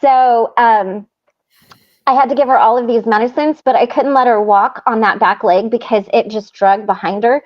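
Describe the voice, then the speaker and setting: A woman chatting as a guest, telling lively stories and laughing often. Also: fairly high pitch, moderate pace. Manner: animated storyteller, laughs often. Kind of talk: casual chat. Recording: slightly muffled sound.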